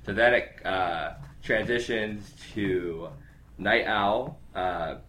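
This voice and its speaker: A man's voice: lowish voice, takes it slowly, sharp tone, slight background noise. A young man in casual chat, rambling through a story recap with lots of fillers and acting out characters' lines.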